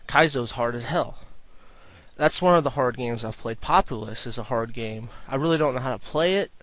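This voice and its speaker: A man's voice: medium pitch, moderate pace, a bit bright, dry recording. A young man answering viewer questions in a casual, rambling video, often repeating himself and restarting sentences.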